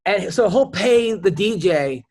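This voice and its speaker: A man's voice: high-pitched, lively intonation, unhurried, darkish tone. A man hosting a podcast, chatting casually and rambling through stories with frequent restarts. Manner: rambling storyteller with many restarts. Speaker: podcast host. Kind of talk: casual chat.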